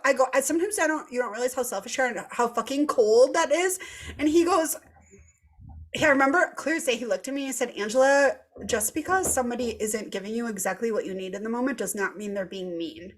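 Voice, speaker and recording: A woman in her thirties with a fairly high voice tells a candid story in casual podcast chat. She is animated and swears freely, acting out the dialogue as she goes. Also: fairly quick. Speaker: podcast co-host.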